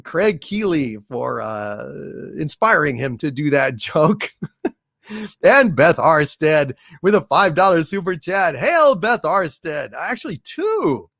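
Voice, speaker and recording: A man hosting a comedy livestream chats casually through super chats and corny jokes. His pitch is lively and animated, and he rambles with fillers and chuckling asides. The sound is dry and close-miked. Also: gravelly, dry recording.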